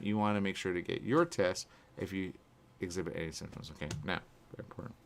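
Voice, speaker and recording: A man hosting a live talk show, telling a story in an animated way, often checking in with "okay". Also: on the low side. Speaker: host.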